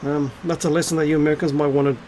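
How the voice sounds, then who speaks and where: Racing along in a fairly high, slightly mellow voice with little pitch movement, a middle-aged spiritual vlogger rants casually to camera, blunt, scornful and cursing freely. The audio is poor, with slight background noise.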